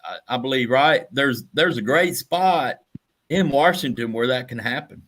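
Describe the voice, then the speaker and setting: A man chatting casually on a livestream, halting and full of fillers. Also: medium pitch, expressive, fairly bright tone. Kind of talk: casual chat.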